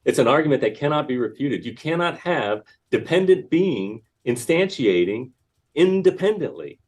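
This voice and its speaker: A man's voice: medium pitch, big pitch swings, moderate pace, darkish tone. A middle-aged man defending his faith in a debate, firm and assertive with frequent hesitations. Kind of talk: debate closing remarks.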